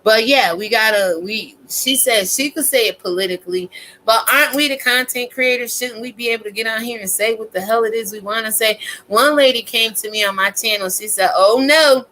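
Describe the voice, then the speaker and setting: A woman's voice: on the high side, a little fast, sharp tone, slight background noise, poor audio. A woman content creator ranting casually to her viewers, blunt, profane and preachy.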